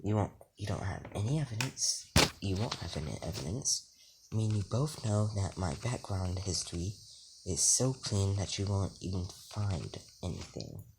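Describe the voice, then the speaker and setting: A man's voice: deep voice, expressive, normal speed. A young man voicing a cocky teenage boy turned cold killer, talking in a smug, offhand, rambling way over a noisy home mic.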